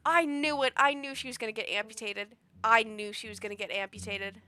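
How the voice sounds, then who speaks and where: A scowling, grumpy cousin in a narrative game talks in a blunt, dismissive way, as a woman voices her. She is pitched a little lower than the reader's own voice, with a bright edge. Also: fairly even intonation, brisk. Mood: gruff.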